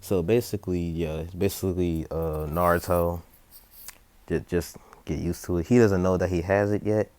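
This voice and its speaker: Low-pitched man, rambling improvised storyteller, lots of fillers and restarts, dry close mic. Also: steady tone, normal speed, a little mellow, dry recording. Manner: rambling, full of fillers and self-corrections. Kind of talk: improvised fan-story narration.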